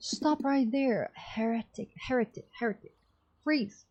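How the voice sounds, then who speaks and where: Woman putting on a high-pitched zealot guard, stiff and accusing, game dialogue read out. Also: measured pace, lo-fi sound. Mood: zealous, shouting. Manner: shouting accusations, self-righteous and stiff. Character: zealous young guard hunting heretics.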